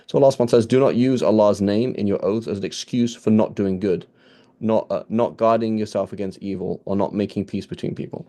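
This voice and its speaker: A man's voice: fairly low pitch, fast talker, mellow. A man giving an informal lesson on scripture, talking conversationally with frequent restarts and checks with his listeners, quoting Arabic phrases. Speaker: teacher.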